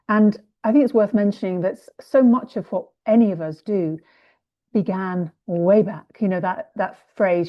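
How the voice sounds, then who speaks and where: A woman's voice: medium pitch, muffled recording. A woman guest on a podcast, speaking thoughtfully and discursively, with many asides as she reflects. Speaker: guest coach and writer.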